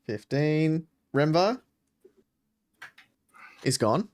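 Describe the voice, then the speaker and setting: A man's voice: fairly high pitch, expressive, very slow. Conversational man running a tabletop game. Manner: conversational, asks players for rolls. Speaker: dungeon master.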